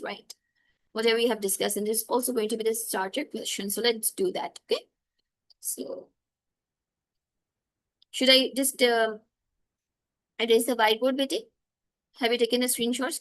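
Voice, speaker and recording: A woman's voice: fairly high pitch, fairly bright tone. Woman teaching chemistry. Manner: checks in often with "okay?" and students' names. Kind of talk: live online class teaching.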